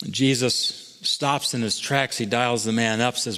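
A man preaching a sermon as pastor, swinging between soaring emphatic lines and hushed, intimate ones. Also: mid-range voice, expressive, unhurried, few pauses, in a large hall.

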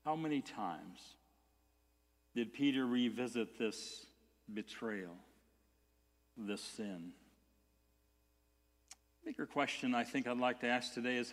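A male pastor preaching an earnest sermon, with stammered restarts that swell into emphatic peaks. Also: medium pitch. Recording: long hall reverb.

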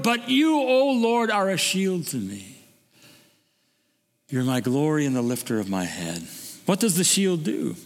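A man's voice: a bit bright, long reverb tail. A pastor preaching a sermon in an earnest way, often repeating his first words and lifting his voice to stress a point. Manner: earnest, repeats words when starting phrases, rises in pitch when stressing a point. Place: church service.

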